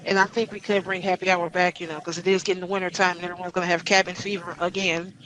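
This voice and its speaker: Chatty high-voiced man on a noisy call. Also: level tone, fast talker, pushed and bright. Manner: chatty, laughs often. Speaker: team member on a panel. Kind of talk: casual chat.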